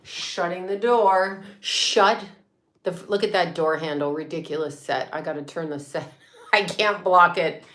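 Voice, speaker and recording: A woman hosting a casual livestream from home, chatty and excitable, swearing freely and laughing often. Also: fairly low pitch, unhurried. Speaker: psychic medium and astrologer livestream host. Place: home room with a set. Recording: echoey room with faint noise.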